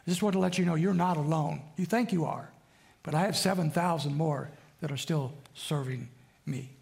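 A man's voice: fairly high pitch, steady tone, normal speed, vocal fry, darkish tone. A man preaching a sermon in a conversational way, often asking the congregation for responses. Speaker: pastor.

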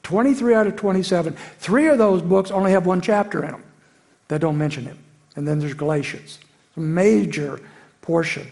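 A man's voice: sits high, normal speed, vocal fry, a little mellow. A middle-aged man preaching a sermon as pastor, earnest and building to emphatic peaks.

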